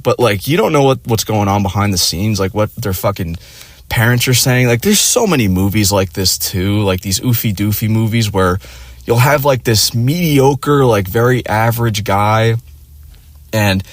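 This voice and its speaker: A man's voice: fairly low pitch, no room sound. Rambling, profane young man ranting. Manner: rambling, profane, many fillers. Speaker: vlogger. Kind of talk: casual rant.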